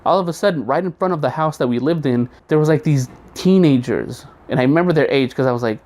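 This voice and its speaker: Brief: male vlogger retelling a childhood story, lively and profane, a touch higher pitched. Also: fast talker, few pauses, slight background noise. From outside the United States. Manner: animated, profane, acts out quotes. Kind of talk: casual comic storytelling.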